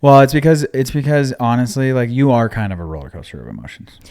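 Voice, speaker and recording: Teasing, rambling young husband. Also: male voice, mid-range voice, lively intonation, fast, a little mellow. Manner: teasing, rambling, restarts a lot. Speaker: podcast co-host, husband. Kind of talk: casual couple chat.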